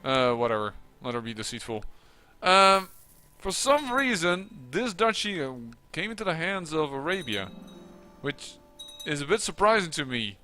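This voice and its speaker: A man's voice: on the high side, big pitch swings, normal speed, bright, forceful tone. A man giving casual, musing commentary on a strategy game, with occasional exasperated outbursts. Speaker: let's play commentator.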